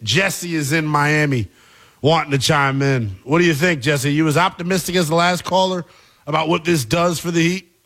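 A man's voice: on the high side, moderate pace, fairly bright tone. A man hosting a sports talk radio show in a laid-back, playful and slangy way. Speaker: radio host.

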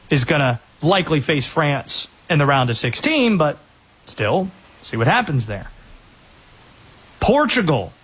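A man hosting a sports talk show, giving energetic, opinionated rundowns of players and teams. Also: a little high, husky.

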